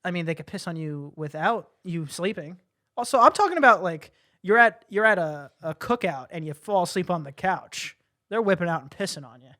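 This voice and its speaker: A man co-hosting a comedy podcast in casual chat. He teases, laughs easily and pitches outlandish dating scenarios. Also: animated, brisk, sharp tone. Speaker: podcast co-host.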